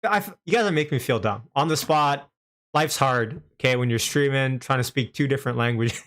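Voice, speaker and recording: A man's voice: medium pitch, normal speed, a bit bright. A young man from Canada with a light Canadian accent, hosting a casual live stream, chatty, often laughing and reading out viewers' chat messages. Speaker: livestream host.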